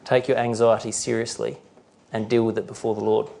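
A man's voice: lowish voice, flat delivery, brisk, vocal fry, mellow. A middle-aged male pastor preaching a sermon earnestly, sometimes acting out the voices he quotes.

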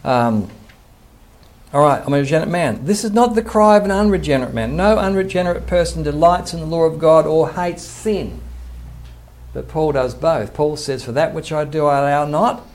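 A man's voice: a little high, lively intonation, moderate pace, darkish tone. An older man, a pastor earnestly teaching a sermon and quoting scripture. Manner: earnest preaching, quotes scripture, chuckles to himself.

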